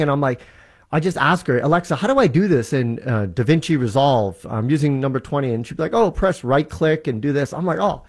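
A Canadian man chatting casually and with enthusiasm, explaining how a gadget works through everyday examples. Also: on the high side. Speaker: tech guest. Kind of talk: casual radio chat.

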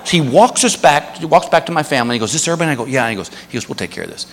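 A man's voice: a little high, expressive, rapid-fire. A man doing stand-up comedy, telling a story and acting out the other people's lines. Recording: live stage, hall reverb, faint room noise.

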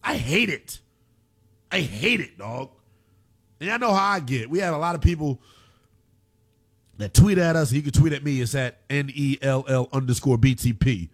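A man's voice: mid-range voice, animated, moderate pace, long pauses. A man hosting a sports talk radio show, ranting in a brash, mocking, hyperbolic way and taking listener comments.

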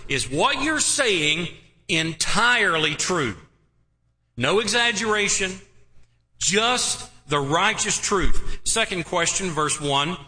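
Slow, bright-voiced preacher in a hall. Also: male voice, fairly high pitch. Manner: slow, emphatic preaching with drawn-out words. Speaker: pastor. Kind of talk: sermon. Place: church sanctuary. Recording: long reverb in a large hall.

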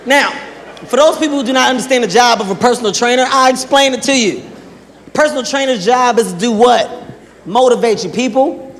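A man with a high, bright-toned voice tells comic stories on stage, switching into acted voices for the people in them. His delivery echoes through a large hall with a long tail of reverb, and a faint room hum sits under it. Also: fairly quick. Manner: animated storytelling with acted-out quotes. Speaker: stand-up comedian. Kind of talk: stand-up comedy routine. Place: large live venue with audience. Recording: live hall with faint ambience.

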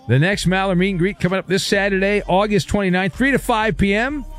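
A man hosts an overnight sports talk show in a high voice. He stretches his promos into grand, bombastic announcer flourishes and then takes calls. Faint music plays beneath him. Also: fairly quick, fairly bright tone. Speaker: radio show host. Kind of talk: late-night sports radio talk.

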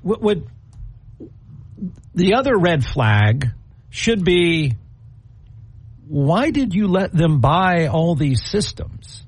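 Husky, wry male talk-radio co-host. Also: a little high, big pitch swings, takes it slowly, long pauses. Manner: wry, incredulous, acts out little scenes with quoted voices. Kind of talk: casual talk-radio chat.

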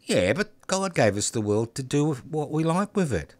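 A man's voice: fairly high pitch, very animated, normal speed, dry recording. An Australian man co-hosting a radio talk show, joking and mock-outraged in sarcastic banter. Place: radio studio.

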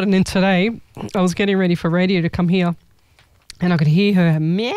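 A woman's voice: on the low side, level tone, a little fast, a little mellow, smooth, dry recording. A woman medium chatting casually with her audience, rambling through stories and laughing often. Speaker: psychic medium hosting a live session. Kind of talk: casual live chat.

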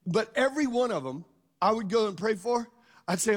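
Very high-voiced man preaching in a reverberant hall. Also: expressive, a little fast. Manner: call-and-response with the congregation, asking them to answer aloud; conversational, jokes and stories mixed with scripture reading. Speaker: pastor. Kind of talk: sermon.

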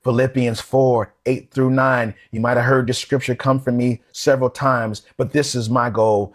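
A man's voice: mid-range voice, steady tone, moderate pace, few pauses. A man preaching a sermon in a conversational, emphatic way, posing questions to his listeners.

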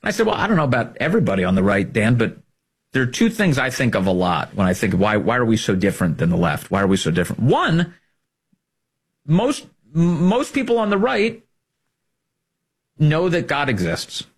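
A man's voice: mid-range voice, sing-song, brisk, husky. A man hosting a political commentary show, talking in an indignant, emphatic monologue with lots of repetition.

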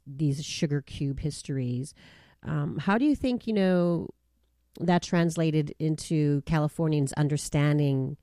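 A woman interviewer asks her question slowly and hesitantly. Her voice is low and warm, and it sounds close and dry, with no room echo. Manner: hesitant, searching phrasing.

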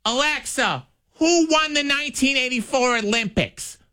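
A man imitating his mother, an older woman who snaps rudely at her smart speaker in a shrill, exasperated voice. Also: moderate pace, bright, forceful tone, clear, resonant tone. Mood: confused.

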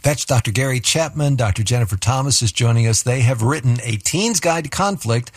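A man hosting a radio interview, introducing guests and asking measured, gently probing questions. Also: medium pitch, expressive, no echo, studio quality. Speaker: radio host.

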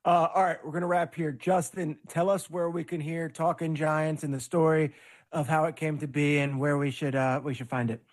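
A man hosting a sports talk show, upbeat and quick to laugh. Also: a little high, little pitch movement. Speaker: host.

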